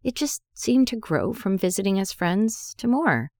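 A woman's voice: mid-range voice, very animated, measured pace, a little mellow, dry recording, clean studio sound. A woman voicing a guilty best friend who pleads hesitantly and apologetically. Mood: pleading.

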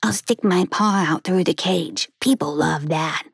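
A woman's voice: fairly low pitch, a little slow, creaky, slightly rough, no room sound, studio quality, exaggerated voice. A woman voicing a bossy young female black kitten who whispers urgent orders, in a storybook.

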